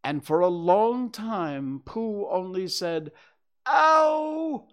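A man reading a children's story aloud with expressive storytelling. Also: sits high, takes it slowly.

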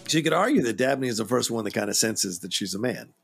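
A man with a gravelly, slightly husky voice talks movies in a laid-back way. He shares behind-the-scenes trivia and laughs along easily. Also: medium pitch, lively intonation, fast, a bit bright. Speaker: podcast co-host. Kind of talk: casual film commentary chat.

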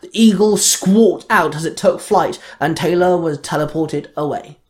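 A man reads fan fiction aloud in a steady, plain narrating voice. His pitch sits slightly higher than most men's, and he keeps an even pace. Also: a little slow. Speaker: storyteller.

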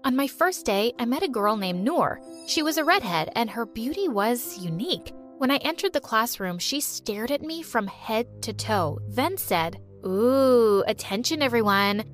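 A woman tells a first-person story in a scripted, dramatic style, her pitch lively and on the higher side. Faint music plays behind her. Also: normal speed, few pauses. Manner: expressive, dramatic.

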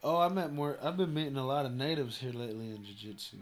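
A man's voice: medium pitch, lively intonation, fast. A young married man chatting casually about fights and jiu-jitsu, easygoing, with mumbled asides and casual swearing. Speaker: podcast co-host, jiu-jitsu competitor. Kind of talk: casual chat.

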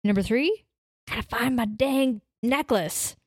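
A woman's voice: a little high, measured pace, a little mellow, dry recording, studio quality. A woman playing a tabletop game, taking charge and laying out plans point by point. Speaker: player.

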